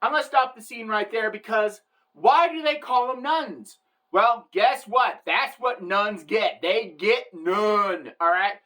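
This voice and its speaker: A woman's voice: mid-range voice, takes it slowly, fairly bright tone. A woman giving an irreverent, wisecracking satirical comedy monologue, bragging and joking about the church.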